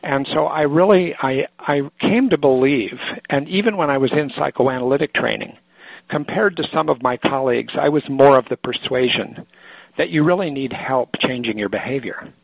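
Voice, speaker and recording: An older man from Oregon, a psychoanalyst, telling a personal story in a halting, thoughtful way with many restarts, on a muffled lo-fi recording. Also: medium pitch, gravelly, husky, no echo. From Oregon, USA.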